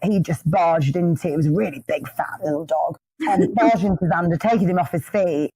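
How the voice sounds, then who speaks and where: A woman in her thirties, a podcast guest telling stories in an animated, rambling way. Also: lowish voice, a little fast, slightly rough, no echo, rough recording. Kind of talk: casual interview chat.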